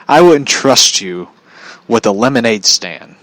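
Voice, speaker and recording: A man's voice: medium pitch, lively intonation, takes it slowly, fairly bright tone, no room sound, rough recording. A man ranting bluntly in a casual commentary vlog, swearing freely and often laughing at his own points. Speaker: vlogger.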